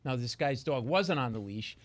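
This New York City comedian, appearing as a guest on a relaxed radio chat, spins animated stories and imitates the voices of the people in them. His voice is mid-range and moves at a moderate pace, with no echo in the recording.

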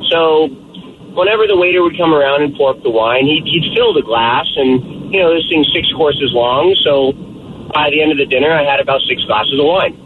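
A man calling in to a radio show and telling a story in a loose, rambling way full of fillers. His voice sits a little high. The sound is a thin phone line with faint noise underneath. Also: normal speed. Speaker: caller.

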